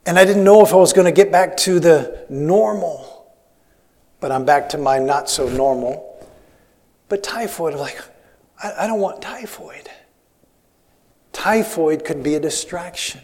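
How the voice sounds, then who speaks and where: A man's voice: on the high side, normal speed, darkish tone. A man preaching a sermon as a missionary, telling stories in a rambling way with many restarts. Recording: long hall reverb.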